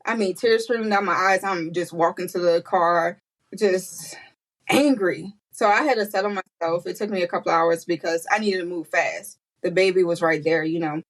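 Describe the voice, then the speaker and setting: A woman guest on a podcast, telling a personal story with animated quoted voices and frequent laughter. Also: normal speed, poor audio. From United States. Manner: animated, acts out quotes with high pitch, laughs often. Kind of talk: emotional storytelling interview.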